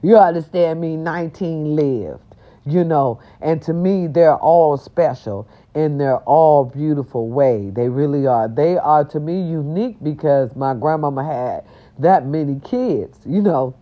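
Older lady ranting on her vlog, swoops all over, low-ish voice, kinda muffled audio. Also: measured pace. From American South. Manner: animated and brash, growls and breaks into song. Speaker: vlog host. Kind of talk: casual rant to viewers. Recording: dull lo-fi audio.

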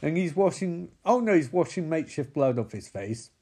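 Crude, animated man recapping a show. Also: a little high, moderate pace, slightly rough. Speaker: comedic recapper. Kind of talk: casual comedic recap.

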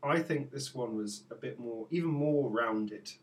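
A man co-hosting a podcast, retelling scenes in an enthusiastic, animated, casual chat. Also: mid-range voice, measured pace, recorded from a distance. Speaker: podcast co-host.

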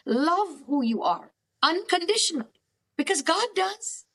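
A woman's voice: extremely high pitch, very animated, measured pace, creaky, a bit bright. A middle-aged woman therapist giving emphatic, preachy faith-based counselling advice as a podcast guest.

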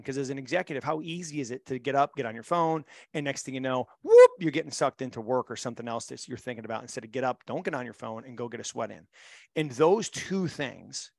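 A man's voice: medium pitch, animated, fast, vocal fry, a little mellow, dry recording, studio quality. A middle-aged man and mental performance coach, telling stories in a podcast interview with a blunt, emphatic, motivational manner.

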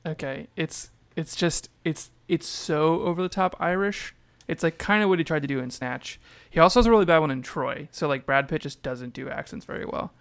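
A man's voice: a little high, brisk, vocal fry, a bit bright, clear, resonant tone. A man in a casual podcast chat, talking loosely with lots of fillers and swearing. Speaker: podcast co-host.

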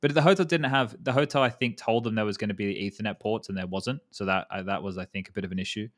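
A man's voice: on the low side, quick pace. A man in his thirties hosting a casual esports chat, rambling, swearing casually and restarting his sentences. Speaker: podcast host.

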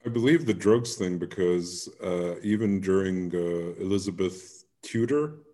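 Deep-voiced man telling an anecdote. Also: unhurried. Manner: relaxed anecdotal storytelling. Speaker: podcast co-host. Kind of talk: casual podcast chat.

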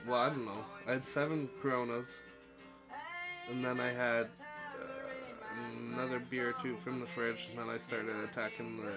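A man's voice: medium pitch, lively intonation, normal speed. A young man co-hosting a podcast in loose, profane, rambling chat, hungover. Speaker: podcast co-host. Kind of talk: casual chat. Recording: music playing behind.

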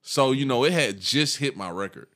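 A man's voice: medium pitch, expressive, moderate pace, a bit bright. A man in his thirties telling a long, profane story in casual chat, laughing and acting out the people in it.

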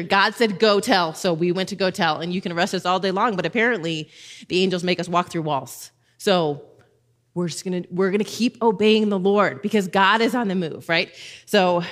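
Animated woman teaching a Bible passage. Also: lowish voice. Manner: animated storytelling, acts out quotes, laughs easily.

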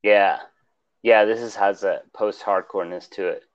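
A man's voice: fairly low pitch, steady tone, moderate pace, lo-fi sound. A man co-hosting a podcast, chatting casually and rambling about music with lots of fillers. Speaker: podcast co-host.

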